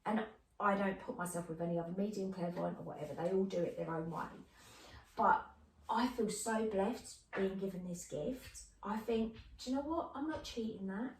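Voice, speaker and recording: A woman clairvoyant medium chatting as a guest, telling stories in an animated, earthy way. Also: mid-range voice. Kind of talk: casual chat. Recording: roomy, distant mic with faint noise.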